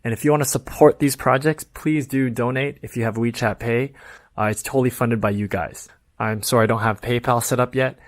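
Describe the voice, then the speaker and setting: A man's voice: mid-range voice, fairly even intonation, a little fast. A man filming himself in a shopping mall, giving sarcastic mock-outraged commentary with little chuckles. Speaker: vlogger. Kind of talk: satirical vlog, walking tour.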